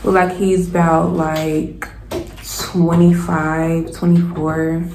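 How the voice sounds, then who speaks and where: Lively young woman telling a storytime. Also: fairly low pitch, slow pace. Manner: animated, casual, addresses viewers as y'all. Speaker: vlogger. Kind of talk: storytime vlog. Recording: roomy echo, faint noise.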